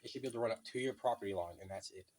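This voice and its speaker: A man's voice: on the low side, rapid-fire, darkish tone, slight background noise. A man in a casual vlog rant, telling stories bluntly and swearing a lot, outdoors by a road. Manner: profane, blunt, storytelling. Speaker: vlogger.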